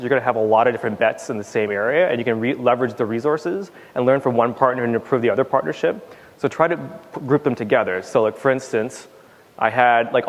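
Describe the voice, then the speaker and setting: Emphatic man speaking in a reverberant hall. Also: medium pitch. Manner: emphatic, repeats words for stress; casual with fillers and restarts. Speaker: conference speaker. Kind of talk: conference talk. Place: conference hall stage.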